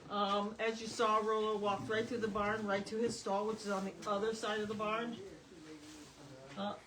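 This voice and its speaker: A woman guiding a live-stream tour of a horse barn, relaxed and full of "um"s. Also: mid-range voice, moderate pace. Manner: relaxed, many fillers. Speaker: sanctuary guide. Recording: distant mic, crowd around.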